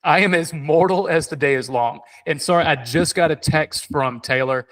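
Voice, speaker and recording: A man hosting a podcast in casual chat, telling animated stories with many fillers and restarts. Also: on the high side, moderate pace. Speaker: podcast host.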